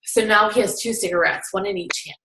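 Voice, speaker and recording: A woman's voice: medium pitch, brisk, pushed and bright, a little hiss or hum. A young woman telling a story in a casual chatty way, full of filler words. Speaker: guest recapping a seminar. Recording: roomy echo.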